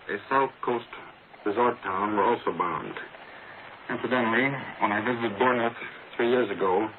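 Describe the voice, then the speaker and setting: Man, radio correspondent, measured formal delivery, mid-pitched voice, tinny 1940s broadcast sound. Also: a little hiss or hum. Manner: measured, formal reading of bulletins. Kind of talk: 1940s radio news report.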